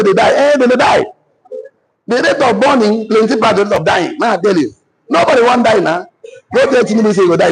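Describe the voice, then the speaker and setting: A man with a Nigerian accent giving a joking, animated motivational talk to an online business community as coach. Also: sits high, vocal fry, rough recording. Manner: animated, joking, mixes Pidgin asides with laughter.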